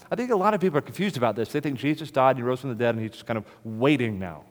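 A man preaching a sermon as the pastor, moving between soft, hushed lines and loud, ringing proclamation. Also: mid-range voice, lively intonation, very fast, few pauses. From United States. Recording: reverberant hall.

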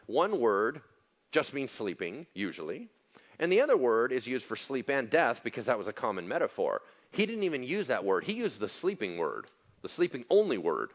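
A male pastor preaching a conversational sermon, animated and joking. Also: medium pitch, moderate pace, dull audio. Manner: animated, joking, acts out quotes.

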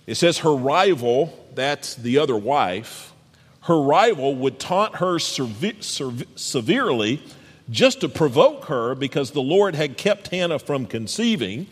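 A man preaching a sermon as pastor. He reads scripture aloud and speaks straight to the congregation in an animated way. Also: on the high side, a little slow, husky. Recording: long hall reverb.

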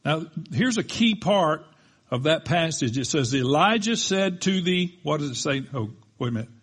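A man preaching a sermon as a pastor, telling the story with animated delivery and acting out the quoted lines. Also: on the high side, normal speed, slightly rough.

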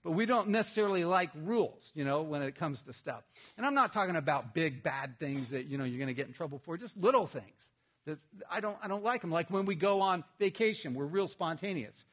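A middle-aged man, a pastor, preaching a sermon in a conversational, humorous storytelling manner with lively outbursts. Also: fairly high pitch, brisk.

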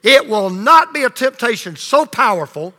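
A male pastor preaching a sermon, swinging between loud emphasis and hushed low lines, leading the congregation in call and response. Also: sing-song, moderate pace. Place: church sanctuary. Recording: long reverb of a large hall.

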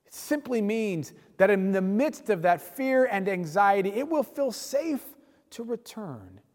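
A man's voice: high-pitched, animated, measured pace, a little mellow. A male pastor preaching a sermon in a church, telling the story with animation and dropping at times to a near-whisper. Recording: long reverb in a large hall.

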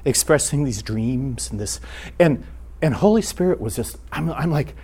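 A man teaching a church class in an earnest, halting way, restarting his sentences often. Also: mid-range voice, expressive, darkish tone, slightly rough.

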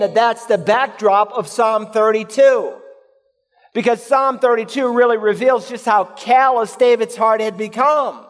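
A man preaching a sermon, reading scripture in a low, measured voice and rising to loud, emphatic points. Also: in a large hall. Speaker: pastor.

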